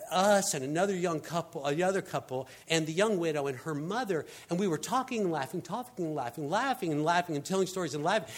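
A man preaching a conversational sermon, telling stories and filling gaps with "I mean" and "you know.". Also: high-pitched. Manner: animated storyteller, frequent fillers like "I mean" and "you know". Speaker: pastor.

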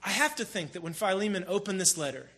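A man preaching a sermon in a casual, storytelling way, with animated emphasis. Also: high-pitched, fast talker. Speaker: pastor. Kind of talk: conversational sermon.

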